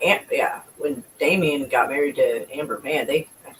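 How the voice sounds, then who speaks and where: A man's voice: mid-range voice, moderate pace, fairly bright tone, slight background noise, rough recording. A man chatting casually and at length, rambling and swearing freely. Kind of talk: casual chat.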